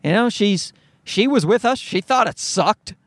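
A man's voice: high voice, animated, a little slow, a bit bright, dry recording. A man telling a story to his viewers as a profane, exasperated rant. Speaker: vlogger. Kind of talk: ranting storytime.

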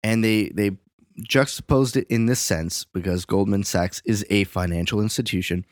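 A man's voice: fairly low pitch, moderate pace, no room sound, clean studio sound. A young man in his twenties hosting a casual chat, rambling and swearing freely. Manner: rambling, profane, animated. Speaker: podcast host.

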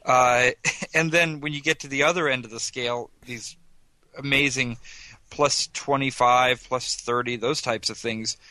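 A man's voice: mid-range voice, fairly even intonation, a little slow, bright, forceful tone, no echo, poor audio. A man co-hosting a casual tabletop gaming discussion, explaining rules in a chatty way and chuckling as he goes. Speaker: podcast co-host presenting a segment.

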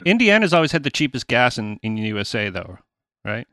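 Canadian guy hosting a podcast, bright sharp voice, chatty, dry close mic. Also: medium pitch, sing-song, fairly quick, dry recording. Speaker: podcast host. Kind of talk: casual interview chat.

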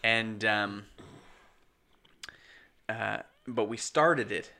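A man with a gravelly voice talks casually with friends on a podcast. His tone is bright and edgy, and he teases the others as he tells stories from a film shoot. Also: fairly low pitch, drawn-out words. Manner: joking, teasing. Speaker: filmmaker.

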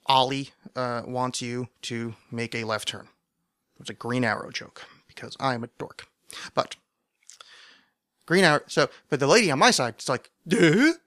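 A man hosting a podcast, telling a long story in a wry, rambling way and sometimes acting out shouted quotes. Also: medium pitch, clear, resonant tone, no room sound, clean studio sound. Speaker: podcast host. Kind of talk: casual storytelling monologue.

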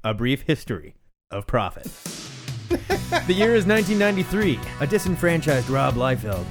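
A man's voice: mid-range voice, big pitch swings, moderate pace, music in the background. A man co-hosting a casual comics podcast, laughing often and telling stories with animation. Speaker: podcast co-host.

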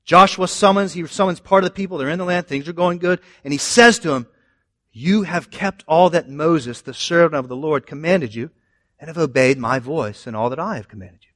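A man preaching a sermon in an animated way, moving between loud emphasis and quiet asides. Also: fairly high pitch, brisk, no room sound. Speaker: pastor.

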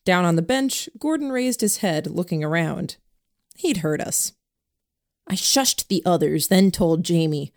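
A woman reading a novel aloud as narrator in a steady first-person storytelling voice. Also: fairly low pitch, unhurried, dry recording, studio quality. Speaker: audiobook narrator. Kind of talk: scripted narration.

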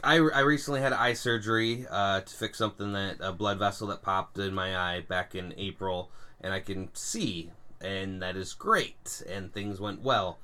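Young guy on a podcast, bright voice, kinda low, jokey and animated. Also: normal speed. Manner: animated storyteller, puns, laughs at own jokes. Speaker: podcast co-host. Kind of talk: casual chat.

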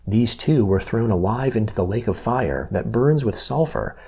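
Male Bible reader, husky and mellow, measured scripture reading. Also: lowish voice. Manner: measured, even-paced reading with slow emphasis on key phrases.

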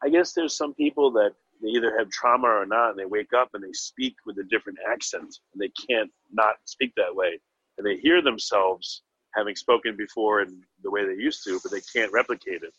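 A man's voice: fairly low pitch, fairly quick, fairly bright tone, husky, no echo, dull audio. A man interviewing a guest, asking questions in a casual, hesitant way.

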